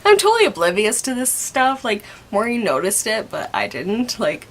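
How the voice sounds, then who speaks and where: A woman's voice: on the high side, wildly swooping pitch, normal speed, a little hiss or hum. Chatty young woman, laughing often. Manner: chatty, laughs often, acts out what others said. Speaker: storyteller. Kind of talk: casual storytelling.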